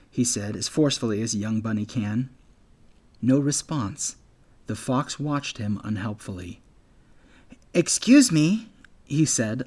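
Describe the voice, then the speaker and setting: A man reads an audiobook chapter in a measured, scripted storytelling manner. His voice sits at an ordinary middle pitch. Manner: measured storytelling, voicing all characters. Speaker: audiobook narrator. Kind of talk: scripted narration.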